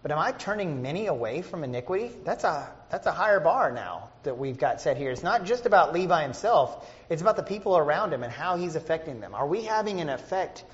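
A man's voice: a little high, very animated, a little fast, few pauses, big-room sound, lo-fi sound. A man preaching a sermon in a conversational way, with many fillers and restarts.

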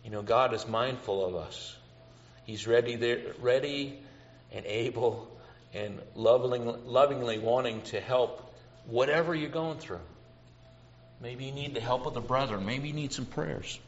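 A man's voice: medium pitch, measured pace, muffled recording. A man preaching a sermon to his congregation, earnest and personal, repeating key questions. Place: church hall.

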